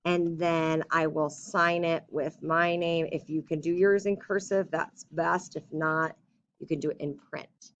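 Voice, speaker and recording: A young woman teaching a class over a recorded lesson. Her voice sits low, and the sound is dull and lo-fi. She drags out the words she dictates, then falls back into easy chat. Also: steady tone, a little hiss or hum. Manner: slow and deliberate when dictating, chatty in between.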